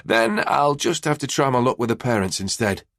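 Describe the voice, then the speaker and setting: A man's voice: mid-range voice, expressive, normal speed, a bit bright, dry recording, studio quality, voice pushed up. A man voicing a pushy, breathless young male journalist in an audiobook, asking question after question.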